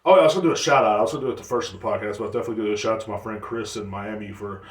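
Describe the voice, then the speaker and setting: A man's voice: fairly low pitch, very fast, roomy sound, distant mic. A man in his thirties hosting a casual solo podcast, rambling and blunt, with lots of swearing. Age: 30s. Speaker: podcast host.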